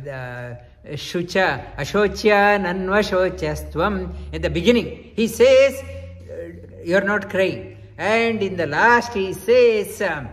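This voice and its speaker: A man's voice: fairly high pitch, a bit bright, in a large hall. A man teaching a scripture lecture, repeating key phrases with emphasis and weaving in Sanskrit terms. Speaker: spiritual teacher.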